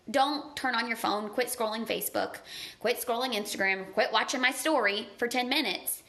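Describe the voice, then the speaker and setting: A woman's voice: on the high side, fairly bright tone. A woman giving an earnest, conversational motivational talk on a live stream, gushing and chatty and filling her speech with "like.". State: tearful at times. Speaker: motivational speaker.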